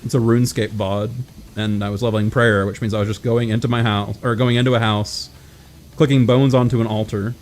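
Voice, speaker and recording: A man's voice: fairly low pitch, flat delivery, a little fast, slight background noise. An American man streaming a coop game, casually chatting and teasing his friend. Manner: teasing, joking. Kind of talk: casual chat while gaming.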